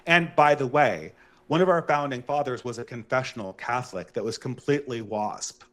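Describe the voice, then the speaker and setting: Lecturing male debater, steady pitch. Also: moderate pace. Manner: lecturing, long explanations. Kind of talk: online debate.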